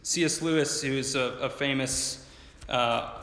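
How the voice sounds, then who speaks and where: A man's voice: mid-range voice, steady tone, a little slow, fairly bright tone, reverberant, long reverb tail. A man preaching a sermon as pastor, explaining earnestly and building up to emphatic points.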